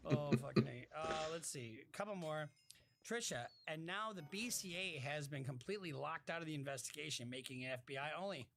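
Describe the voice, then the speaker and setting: A man with a somewhat high voice doing casual live-stream commentary, reacting to viewer messages as they come in. He talks bluntly, curses freely, and his sentences keep breaking off and starting over. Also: lively intonation, fairly quick, gravelly, a bit bright. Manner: blunt, swears freely, talks in fits and restarts.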